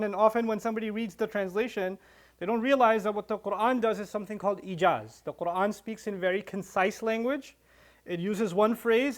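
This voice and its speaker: A man giving a religious reminder, telling a scripture story with animated acted-out quotes and quick recitation of Arabic verses. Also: high-pitched. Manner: animated, acts out quoted characters. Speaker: preacher.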